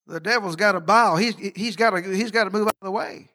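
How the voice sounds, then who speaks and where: A man preaching a sermon in a high, bright voice. He talks in a folksy, conversational way, with laughing asides, and keeps asking the congregation questions. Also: fairly quick.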